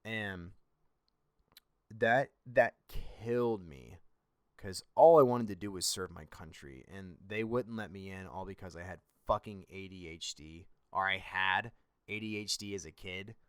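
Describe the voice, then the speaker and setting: A man's voice: deep voice, measured pace, clean tone, dry recording, studio quality. A young man hosting a podcast, telling a personal story in a blunt, rambling and profane way. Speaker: podcast host.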